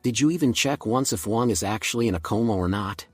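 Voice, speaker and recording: A man voicing an arrogant teenage boy who speaks calmly and bluntly. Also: on the low side, quick pace, no room sound, soft background music, lightly acted. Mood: taunting. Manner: calm smirking.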